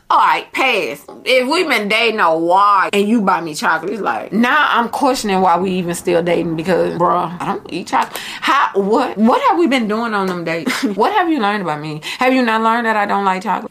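A young woman talking to her viewers in a casual vlog, blunt, profane and animated. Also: mid-range voice. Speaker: vlogger.

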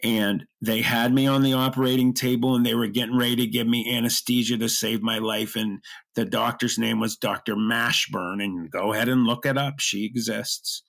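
A middle-aged man telling a personal story as an interview guest, earnest and emotional, with halting restarts. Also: medium pitch, fairly even intonation, vocal fry, a bit bright.

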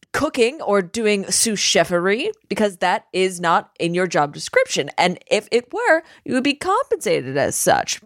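Woman joking around in an improv bit, wordy, lively up and down voice. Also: mid-range voice, dry recording, studio quality. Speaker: improv player. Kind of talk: improvised comedy chat.

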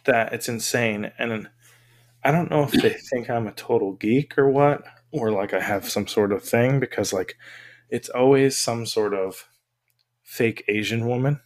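A man of middle pitch tells a story on a podcast in a lively, casual way. He breaks into laughter often and acts out other people's lines. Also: a little slow. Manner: giggly, animated storyteller. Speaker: podcast co-host. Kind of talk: casual chat.

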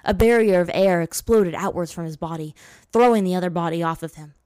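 A woman's voice: brisk, dark tone, no echo. Woman reading a story, dry close sound. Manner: voices characters with raised pitch. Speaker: narrator. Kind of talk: reading fan fiction aloud.

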